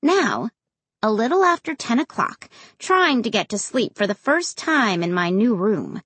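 A woman reading a first-person storybook aloud in an expressive, dramatic way. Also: on the high side, measured pace, slightly rough, no echo. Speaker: audiobook narrator.

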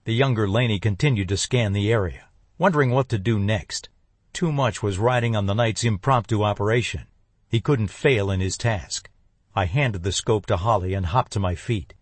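Husky guy reading a thriller, dry close mic, steady. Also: fairly low pitch, moderate pace, dry recording. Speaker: audiobook narrator. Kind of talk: first-person thriller narration.

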